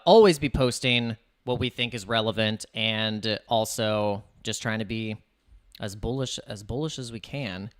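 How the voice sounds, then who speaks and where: A man's voice: medium pitch, a bit bright. A man hosting a casual crypto livestream, chatty and rambling, hyping up his viewers.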